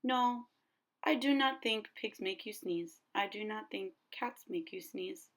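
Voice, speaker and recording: A woman plays a steady cartoon cat doctor from a storybook, gentle and reassuring. The voice stays low and unhurried. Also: lightly acted. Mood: calm.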